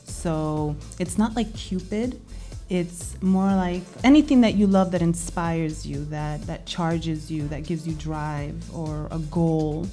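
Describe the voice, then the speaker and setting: A woman's voice: low voice, slow pace, warm tone, soft background music. A woman in her forties from Massachusetts, a spoken word artist and DJ, talking openly and thoughtfully as a guest in a studio interview. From Lawrence, Massachusetts, USA. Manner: thoughtful, open, says "um" and "yes, sir". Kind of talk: casual interview.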